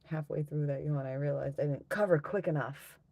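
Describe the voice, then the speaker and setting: A woman's voice: deep voice, brisk, warm tone. A woman, hosting a casual livestream and chatting crudely and teasingly with viewers. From New Zealand. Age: 30s. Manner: crude, giggly, teasing banter with frequent laughter. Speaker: livestream host. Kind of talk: casual live chat with viewers.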